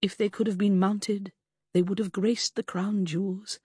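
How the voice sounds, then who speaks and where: Woman doing a polite sad ex-officer guy, formal and gentle, husky, dry close sound. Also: high-pitched, little pitch movement, moderate pace, dry recording, voice pushed up. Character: courteous, melancholy former army officer.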